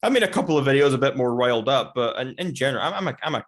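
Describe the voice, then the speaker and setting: A man's voice: mid-range voice, expressive, very fast. A man as a podcast guest on a video call, talking casually in a hesitant, rambling way with many restarts. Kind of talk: casual conversation.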